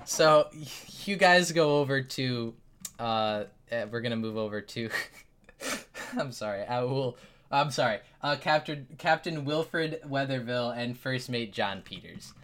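Bright-voiced rambling game master. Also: mid-range voice, lively intonation, unhurried. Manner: rambling, laughing. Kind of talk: narrating a tabletop game.

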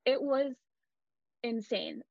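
A woman retelling a night as a hockey fan, animated and emphatic, recorded dull and dry. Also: fairly high pitch, slow pace, gravelly, no echo. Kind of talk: excited fan storytelling.

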